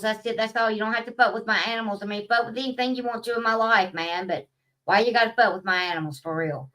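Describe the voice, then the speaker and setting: A woman's voice: medium pitch, bright, forceful tone, distant mic, low-quality recording. A woman, talking in a blunt, profane, casual vlog rant and laughing at her own stories. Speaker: vlogger. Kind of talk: casual ranting monologue.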